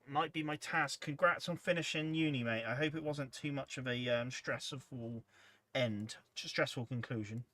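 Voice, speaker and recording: A man's voice: medium pitch, moderate pace, fairly bright tone, no echo. A man hosting a casual livestream, rambling in an easygoing way as he reads out chat messages. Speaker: livestream host.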